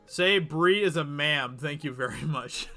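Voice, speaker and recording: A man hosts a livestream, chatting casually and giggling as he answers viewers. His voice sits fairly high and bright. Faint music plays in the background. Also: unhurried. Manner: chatty, giggly, reads chat aloud. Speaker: livestream host.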